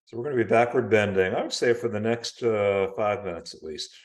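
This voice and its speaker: A man with a fairly low voice leads a yoga class over a video call. He gives slow, calm cues about breath and posture, speaking in an unhurried, encouraging way. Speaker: yoga teacher. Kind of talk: guiding a live online yoga class.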